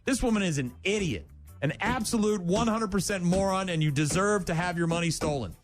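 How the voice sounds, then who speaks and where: Morning radio host, male, slightly high, blunt and scornful, over a quiet music bed. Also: a little fast. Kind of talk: morning radio banter, reading news.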